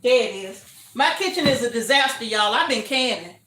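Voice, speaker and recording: A woman's voice: fairly high pitch, animated, a little fast, sharp tone, echoey room. An older woman hosting a casual livestream from her home kitchen, chatting and greeting viewers with frequent laughter. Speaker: homestead livestream host.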